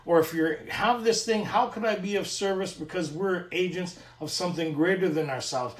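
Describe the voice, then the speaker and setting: A man's voice: high-pitched, moderate pace, few pauses, reverberant, distant mic. A middle-aged man from Canada, earnestly sharing a personal recovery story at a meeting and acting out the dialogue.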